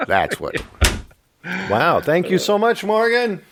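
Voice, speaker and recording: A man in his fifties hosts a casual podcast chat, telling stories animatedly, joking and laughing often. His voice sits high and he takes it slowly with long pauses, while noise hums in the background.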